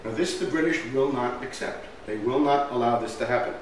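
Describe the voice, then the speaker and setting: In a strongly echoing hall, a man with a mid-range voice gives a history lecture with slides, speaking fairly quickly. He is emphatic, poses rhetorical questions, and keeps saying "right?" He is recorded from far away, with a faint room hum underneath.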